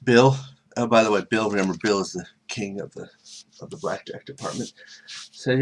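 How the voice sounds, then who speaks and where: A man's voice: fairly low pitch, normal speed. A man telling a casual spoken story with rambling, self-correcting asides.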